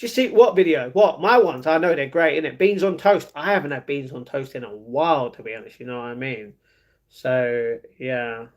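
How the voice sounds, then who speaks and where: A man's voice: medium pitch, normal speed. A young man with a London accent hosting a casual livestream, reading viewers' comments aloud and answering them in a chatty way. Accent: London English. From England. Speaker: livestream host reading chat. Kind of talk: casual live chat.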